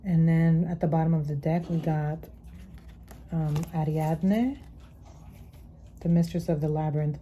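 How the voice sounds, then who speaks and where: A woman's voice: low voice, fairly even intonation, a little slow, long pauses, dark tone, slight background noise, poor audio. A woman giving an earnest spiritual tarot reading, repeating her phrases, checking in with "okay?", and sighing between thoughts. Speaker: tarot reader.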